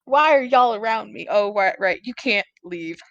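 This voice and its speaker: Young female co-host, casual and sweary, giggly, mid-pitched, dry close mic. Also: expressive, normal speed, a bit bright, dry recording, muffled recording. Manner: chatty, swears freely, laughs often. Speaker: podcast co-host. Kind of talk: casual chat.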